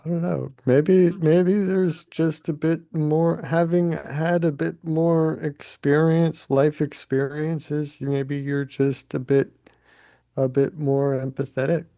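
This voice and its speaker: A man's voice: a little high, fairly even intonation, slow pace, gravelly, mellow, no echo. A man co-hosting a casual live podcast chat, explaining things in a thoughtful way.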